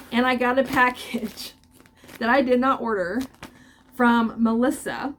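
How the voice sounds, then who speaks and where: An older woman with a fairly high voice talks in a loose, chatty way, stopping and restarting her sentences. She comes across as openly emotional and often laughs between thoughts. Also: steady tone, a little slow, a bit bright, a little hiss or hum. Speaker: crochet vlogger. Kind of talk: casual chat.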